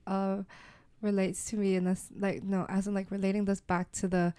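A woman's voice: mid-range voice, little pitch movement, normal speed, dark tone, smooth. A young woman chatting casually, thoughtful and reflective, with lots of filler words. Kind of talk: casual chat.

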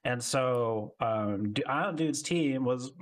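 A man's voice: medium pitch, slow. A man co-hosting a podcast, telling a story in casual chat with fillers. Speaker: podcast co-host.

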